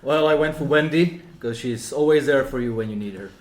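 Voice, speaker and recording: A man's voice: mid-range voice, fairly quick, reverberant. A man taking part as a quiz contestant, joking and laughing and a little flustered. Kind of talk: casual chat in a quiz game.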